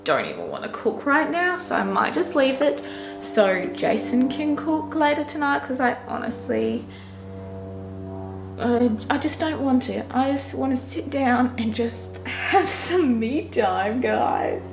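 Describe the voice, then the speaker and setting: A woman's voice: high voice, very animated, unhurried, creaky, over music, rough recording. A young Australian woman chatting casually to viewers in a home vlog, recorded on a handheld camera. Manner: chatty, confiding to viewers, drops to a whisper at times. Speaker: vlogger mum. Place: house and backyard.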